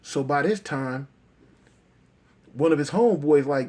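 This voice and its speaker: A man's voice: on the high side, unhurried, long pauses, a little mellow. A man telling a street story aloud in a casual, repetitive, emphatic way.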